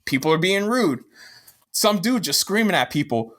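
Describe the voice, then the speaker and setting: A man's voice: high voice, normal speed. A man co-hosting a podcast, telling a rambling, profane story in casual chat. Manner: profane, rambling, animated retelling. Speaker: podcast co-host.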